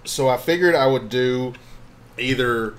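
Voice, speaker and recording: A young man co-hosting a casual chat show, joking and rambling. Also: medium pitch. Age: young adult. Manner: joking, rambling, quick to laugh. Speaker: co-host.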